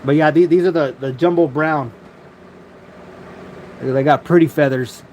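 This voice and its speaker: Man, casual live-stream host, somewhat higher voice, loose cursing chatter over phone mic with faint background noise. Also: measured pace, a little mellow, lo-fi sound. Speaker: livestream host.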